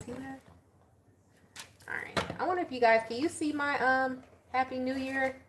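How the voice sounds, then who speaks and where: Chatty, animated woman tarot reader. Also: fairly high pitch, background noise. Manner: chatty, animated and slangy, laughing often. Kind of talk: casual tarot reading to viewers.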